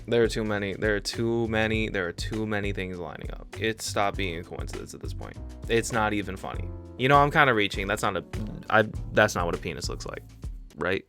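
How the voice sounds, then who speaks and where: Young man, casual reaction commentary, joking, lowish voice, faint music underneath. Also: brisk. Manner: joking, animated, repeats and restarts phrases. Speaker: reaction channel host. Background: faint background music.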